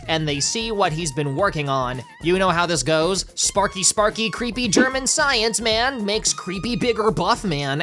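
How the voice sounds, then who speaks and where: A woman's voice: on the low side, a bit bright. A woman hosting a commentary video, talking casually with wry, sarcastic asides.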